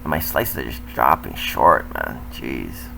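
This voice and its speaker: Low-voiced older man, self-critical commentary. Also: animated, normal speed, gravelly, sharp tone, slight background noise, poor audio. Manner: candid, self-critical, conversational. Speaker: tennis coach. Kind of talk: voice-over commentary on his own match footage.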